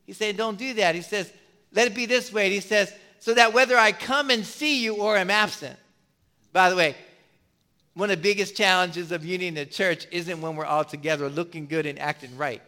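Man, pastor, sermon, high voice, bright tone, passionate. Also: moderate pace. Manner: passionate, varies loudness a lot, rhetorical questions.

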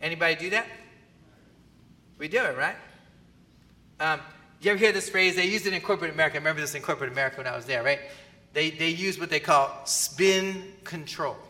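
A man preaching a sermon as pastor, animated and often asking the audience questions. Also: a little high, fast, pauses often. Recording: long hall reverb.

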